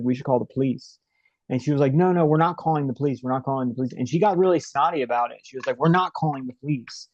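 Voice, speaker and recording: A man's voice: mid-range voice, mellow, dry recording, lo-fi sound. A young man as an interview guest, telling a story in a rambling, casual way with many fillers and restarts.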